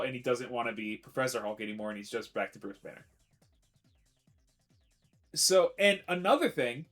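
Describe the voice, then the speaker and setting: Faint music plays behind a man talking casually on a live stream in a voice a bit higher than usual. Opinionated and rambling, he keeps restarting his sentences and pushes his views firmly.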